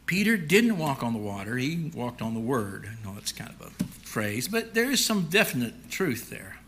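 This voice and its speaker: A man preaching a sermon, swinging between loud emphatic lines and hushed near-whispers, and acting out a frightened Peter in the first person. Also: medium pitch, very animated, moderate pace, background noise. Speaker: pastor.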